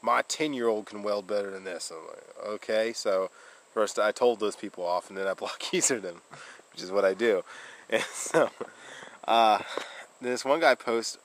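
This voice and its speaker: A man's voice: lowish voice, normal speed, rough recording. A man vlogging casually, rambling through a story with fillers, restarts and laughs.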